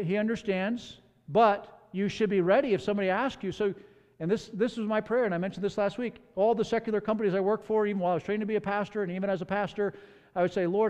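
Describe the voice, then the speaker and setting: A man's voice: sits high, a little mellow, in a large hall, highs cut off. A man preaching a sermon as pastor. He tells stories in a conversational way, with candid asides.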